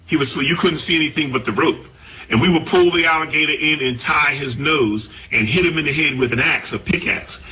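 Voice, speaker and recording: A man's voice: on the high side, pushed and bright, rough recording. A man, a collector of artifacts, telling a long story and quoting another man's words along the way. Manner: recounts a conversation, quoting the other man.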